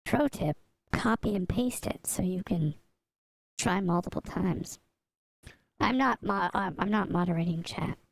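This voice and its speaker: A woman casually chatting on a livestream while she draws. She answers chat and mutters softly to herself as she works, speaking into a desk microphone beside her drawing tablet. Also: mid-range voice, creaky, no room sound, low-quality recording. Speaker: streamer drawing live. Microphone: desk mic by a drawing tablet.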